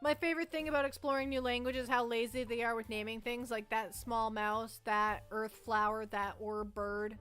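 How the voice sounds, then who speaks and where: A young Canadian woman chats loosely on a livestream, with a high voice that rings bright. She rambles and trips over her own words, and faint music plays underneath. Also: fairly even intonation, moderate pace, hardly any pauses. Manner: rambling, chatty, self-interrupting. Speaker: livestream host. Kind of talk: casual chat with chat.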